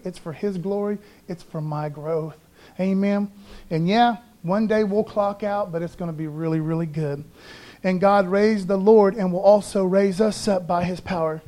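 This man has a high voice with a darkish tone. He's a pastor preaching an Easter sermon, fervent and emphatic, calling out to his congregation and slipping in casual asides, keeping it conversational and peppering his speech with "man."

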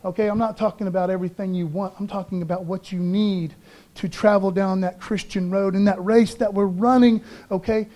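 A man's voice: sits high, steady tone, a little fast, mellow. A pastor preaching an Easter sermon, fervent and emphatic, calling out to his congregation and mixing in casual asides. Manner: conversational, peppers speech with "man".

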